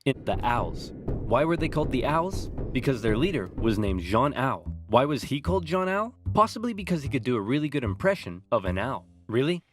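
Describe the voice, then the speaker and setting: A man narrates comedic animated history at a middling pitch, his voice bouncing widely up and down. He jumps quickly between silly character voices. Faint music plays under him. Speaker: narrator doing all the voices.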